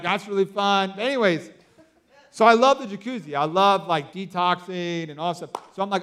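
A man in his thirties preaching a sermon, telling stories excitedly with lots of fillers like "like" and "you know". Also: high-pitched, clear, resonant tone. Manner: excitable storytelling with many fillers. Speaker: pastor.

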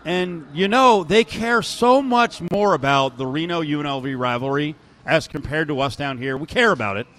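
A man's voice: a little high, normal speed, fairly bright tone. A man co-hosting a sports radio show, bantering casually with a sarcastic, joking edge.

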